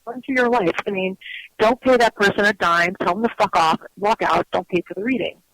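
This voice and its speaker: A woman's voice: medium pitch, fairly quick, fairly bright tone, no room sound, poor audio. A woman co-hosting an internet radio show, talking emphatically and swearing freely. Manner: emphatic, swearing, laughing often. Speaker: co-host. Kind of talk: casual radio chat.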